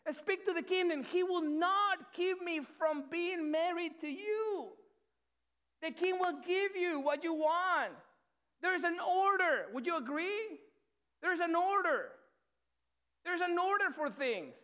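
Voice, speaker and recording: Brief: a man playing an earnest young woman, pleading hard, very high-pitched, dull lo-fi sound. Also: lively intonation, takes it slowly, heavily acted.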